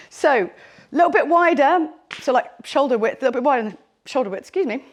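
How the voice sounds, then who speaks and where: A woman's voice: high voice, animated, brisk. A woman leading a bodyweight workout, chatty and encouraging, out of breath as she exercises. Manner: chatty, encouraging, with fillers like "like" and "okay". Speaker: fitness instructor. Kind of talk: workout instruction.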